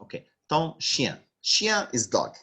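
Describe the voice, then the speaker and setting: Brief Male language teacher on a video call, husky and unhurried, who patiently repeats each phrase. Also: a little high, wildly swooping pitch, sharp tone. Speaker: French teacher. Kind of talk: online language lesson.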